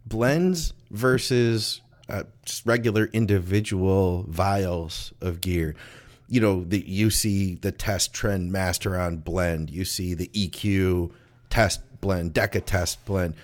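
Low-voiced easygoing podcast host. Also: male voice, slow. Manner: easygoing, joking, reads listener questions. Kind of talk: casual podcast chat.

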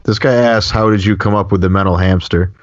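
Deep-voiced laid-back man. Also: steady tone, a little fast, no echo. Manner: laid-back, agreeable, reads out listener questions. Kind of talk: casual chat. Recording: dry, dull lo-fi sound.

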